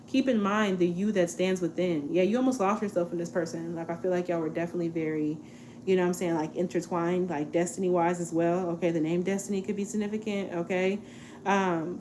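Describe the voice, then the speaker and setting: A woman in her twenties giving a casual tarot reading, chatty and relaxed, often checking in with "okay?". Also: on the low side, quick pace, a little hiss or hum. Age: 20s. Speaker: tarot reader.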